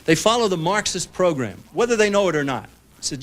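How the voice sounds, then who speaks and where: A man, an author, giving a public lecture to an audience, folksy and emphatic, acting out what others said in lively asides. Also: high-pitched, brisk. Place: public library lecture hall. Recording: 1990s broadcast recording.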